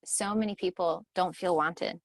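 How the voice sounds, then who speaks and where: A woman's voice: on the low side, fairly even intonation, moderate pace, dry recording. Earnest woman guest, dry close sound. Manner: warm, earnest, softens to near whispers when moved. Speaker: guest, event organizer. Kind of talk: casual conversational interview.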